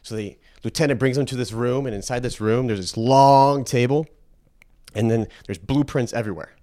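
A man tells a story in a relaxed, conversational way, with his voice at an ordinary middle pitch. He gets animated and acts out the people in the story as he goes. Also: normal speed. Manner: animated, acts out characters with a put-on accent. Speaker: speaker telling a story about a scientist. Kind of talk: casual storytelling talk.

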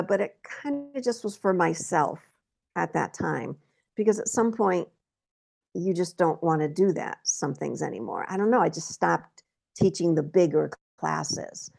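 A woman talking candidly in a casual conversation, telling stories about her life and getting animated when she acts out her own reactions. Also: fairly low pitch, vocal fry. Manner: candid storytelling, animated when quoting herself. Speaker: guest.

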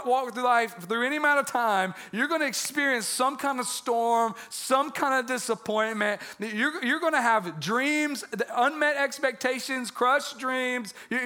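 A man's voice: very high-pitched, sharp tone. A man preaching a conversational Easter-style sermon as pastor, joking with the congregation and often restarting his words.

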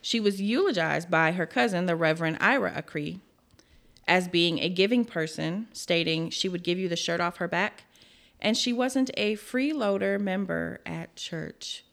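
A woman's voice: on the low side, moderate pace, creaky, fairly bright tone. A woman hosting a casual true crime podcast, telling the case bluntly with frank, profane asides.

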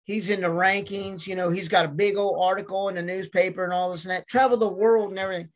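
A man's voice: sits high, steady tone, fast. A man in casual chat, telling rambling stories and acting out what people said. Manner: rambling storyteller, acts out quotes. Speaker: podcast guest.

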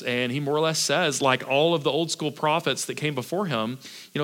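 Bright-voiced man preaching casually. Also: on the high side, brisk. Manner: conversational, filler-heavy preaching with frequent "like" and restarts. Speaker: pastor. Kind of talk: sermon.

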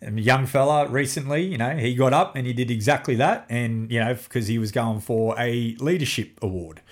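A middle-aged man, chatting casually as a podcast guest and telling animated family stories with plenty of swearing. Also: mid-range voice, fairly quick. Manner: animated storyteller, swears freely, acts out family dialogue. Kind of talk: casual chat.

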